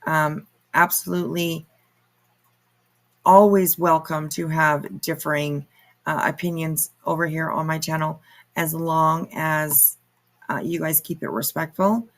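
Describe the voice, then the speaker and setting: A woman's voice: sits low, steady tone, unhurried. A woman hosting her own commentary channel, reacting to clips in a sarcastic, mocking way and swearing freely.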